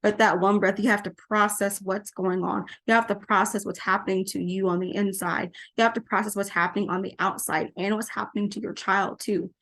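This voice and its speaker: Woman, middle-aged, casual advice to camera, animated, laughs often, repeats phrases. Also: mid-range voice, brisk, few pauses. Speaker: parenting coach.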